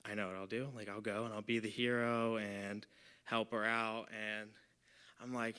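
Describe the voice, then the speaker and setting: A man's voice: on the low side, little pitch movement, moderate pace, sharp tone, smooth. A man in his twenties telling a personal story live on stage, talking casually with lots of "like" and "you know". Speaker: volunteer storyteller.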